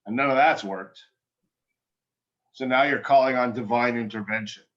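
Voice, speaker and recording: A man's voice: medium pitch, normal speed, a bit bright, muffled recording. Direct, encouraging male acting coach. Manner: direct and encouraging, full of restarts. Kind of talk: one-on-one acting feedback.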